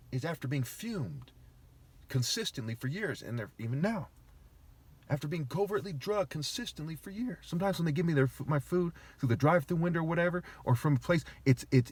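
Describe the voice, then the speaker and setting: A man's voice: a little high, animated, a little fast, husky. A man talking straight to the camera in an agitated, argumentative rant, swearing heavily and sounding aggrieved. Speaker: vlogger. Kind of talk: agitated ranting monologue.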